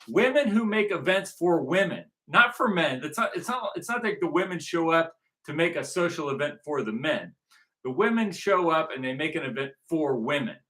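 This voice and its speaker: A man's voice: a little high, bright, forceful tone. A man from Southern California giving a rambling, repetitive recruitment monologue, circling back to the same points. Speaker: movement organizer.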